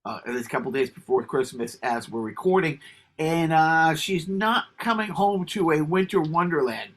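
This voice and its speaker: Husky-voiced man chatting on a podcast. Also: fairly high pitch, normal speed. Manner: rambling, laughs while telling stories. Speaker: podcast co-host. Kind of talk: casual chat.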